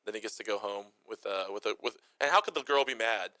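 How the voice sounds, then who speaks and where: A young man co-hosting a movie review show, joking quickly and putting on silly voices for characters. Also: on the low side, pushed and bright, no room sound, low-quality recording. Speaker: podcast co-host. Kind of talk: casual movie review chat.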